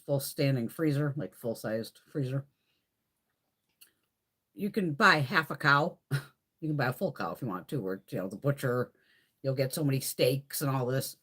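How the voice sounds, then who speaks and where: A woman's voice: sits low, husky. A woman hosting a beauty live stream from home, chatting casually with blunt, profane storytelling.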